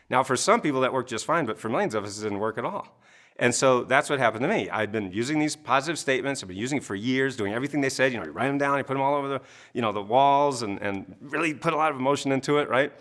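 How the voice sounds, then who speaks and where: A man in his fifties from Maine, a coach telling his story in an interview, energetic, laughing often and acting out his audiences. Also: medium pitch, quick pace. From Maine, USA.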